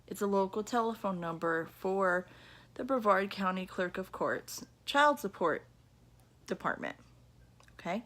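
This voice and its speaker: A woman's voice: mid-range voice, expressive, measured pace, fairly bright tone. Chatty woman telling an indignant story. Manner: chatty, checks in with listeners by repeating "okay?" and "you know"; indignant, emphatic retelling. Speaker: vlogger. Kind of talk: casual storytelling to camera. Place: at home in her apartment.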